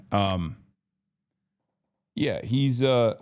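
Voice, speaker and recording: A man's voice: mid-range voice, animated, unhurried, darkish tone. A man ranting in livestream commentary, exasperated and profane, repeating himself for emphasis. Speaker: streamer reacting to news.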